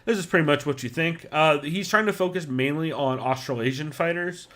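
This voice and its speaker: A man's voice: fairly high pitch, fairly quick, a bit bright. Profane casual podcast host, man. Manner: loose and profane, many fillers.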